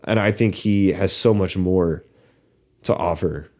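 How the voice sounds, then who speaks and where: Rich: A man with a fairly low voice co-hosts a casual film podcast. He talks in a halting, hesitant way, circling his point with fillers and restarts. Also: darkish tone. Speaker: podcast co-host.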